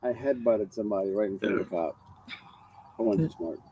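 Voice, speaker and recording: A man telling a story in a casual live chat, halting and restarting his sentences. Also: fairly low pitch, big pitch swings, dark tone, slight background noise, poor audio. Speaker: co-host.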